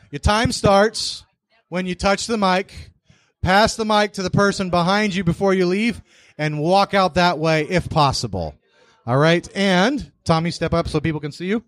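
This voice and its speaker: A man's voice: high voice, a bit bright, no room sound. A man hosting an investors' meeting in a big room, blunt and joking as he bosses the crowd through a handheld mic. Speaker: meeting host. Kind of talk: brash meeting emcee.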